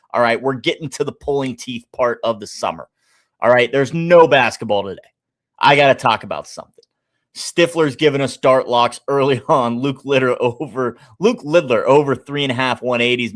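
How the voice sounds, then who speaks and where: Chatty Midwestern man hosting a stream. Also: mid-range voice. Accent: Midwestern American. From American Midwest. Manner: chatty, thinking aloud, shouting out chat members. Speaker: sports betting stream host. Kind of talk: casual live-stream chat.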